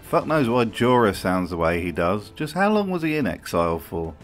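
A man's voice: on the low side, very animated, normal speed, soft background music. A man giving a wry, sardonic voice-over commentary as a video host, swearing freely.

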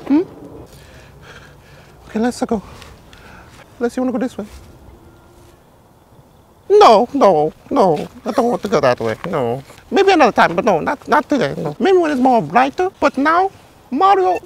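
A man's voice: very high voice, sing-song, normal speed, vocal fry, long pauses, a little hiss or hum, heavily acted. A man playing Luigi, a cowardly plumber who rambles, jokes and panics in a comedy skit. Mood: nervous. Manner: rambling, jokey, jumpy, keeps panicking. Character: jittery cowardly adult male plumber Luigi. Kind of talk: comedy skit role-play. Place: outdoors in a village.

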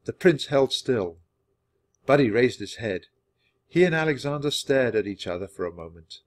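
Man, children's book narration, clear and steady, expressive pitch, natural speed. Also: normal speed. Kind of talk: children's book read-aloud for language learners.

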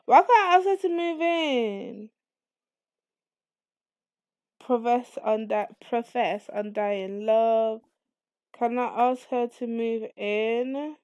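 A woman narrates her life-sim game in casual, excitable commentary, swearing freely as she talks to her viewers. Her voice sits a little high. The sound is dry and close, with no room echo. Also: takes it slowly, pauses often, dull audio. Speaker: let's play host.

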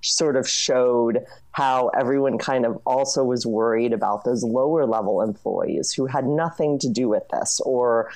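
A woman journalist with a strikingly low voice lays out her points briskly, often reaching for "you know" and "I mean". Her tone is dark and mellow. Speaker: author and journalist. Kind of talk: interview guest explaining.

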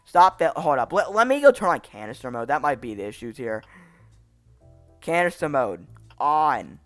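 A channel host narrating their own gameplay with a wildly swinging pitch. The commentary is frustrated and full of swearing, breaking into angry yells. Game music plays underneath. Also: very animated, moderate pace, dry recording. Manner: frustrated, swearing, raging outbursts.

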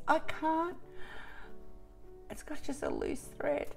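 A woman chats through an unboxing vlog in a fairly high voice and at an unhurried pace. She gushes and often trails off mid-sentence, with soft music playing faintly behind her. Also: lively intonation, vocal fry. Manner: gushing, emotional, breaks off mid-sentence. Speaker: vlogger. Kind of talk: unboxing vlog, casual chat.

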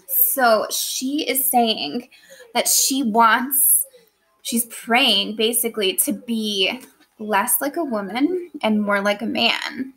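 A woman's voice: on the high side, slow pace, fairly bright tone, low-quality recording. A woman teacher in a recorded lesson, speaking playfully to her students and asking them guiding questions.

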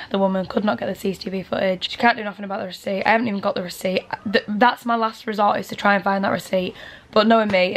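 A vlogger in her twenties with a Northern English accent chats casually to the camera in a rambling way, full of fillers. Her voice is medium in pitch.

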